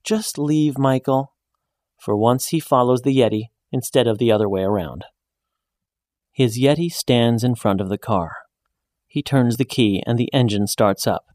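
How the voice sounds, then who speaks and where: A man reading a short story aloud in a measured, even storytelling voice, raising his pitch when he speaks the woman's lines. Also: no room sound, clean studio sound. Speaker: narrator. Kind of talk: scripted story narration.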